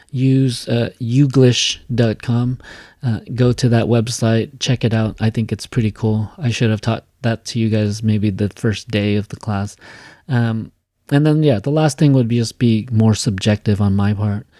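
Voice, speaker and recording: A man teaching a class, explaining an assignment in a casual way, with many fillers and quick "okay?" checks. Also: lowish voice, mellow, no echo, studio quality. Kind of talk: recorded class lecture.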